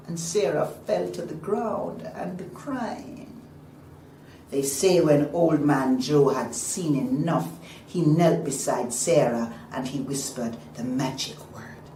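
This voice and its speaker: A woman performs a folk tale for a live audience, her slow, low-pitched voice dropping to hushed whispers and then rising to loud cries. She is heard from far off in a roomy space, with faint background noise underneath. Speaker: storyteller. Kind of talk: dramatic live folk storytelling.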